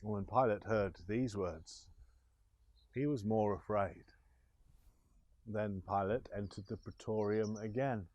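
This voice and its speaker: A man retelling scripture slowly and deliberately, with small restarts. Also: fairly low pitch, darkish tone, no echo. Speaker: scripture reader. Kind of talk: scripture storytelling.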